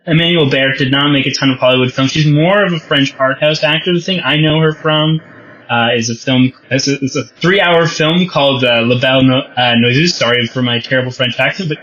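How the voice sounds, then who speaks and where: Rambling man with a bright voice. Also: fairly high pitch, a little fast, highs cut off. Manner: rambling, self-correcting, wry. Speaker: podcast co-host. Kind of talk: casual film review chat.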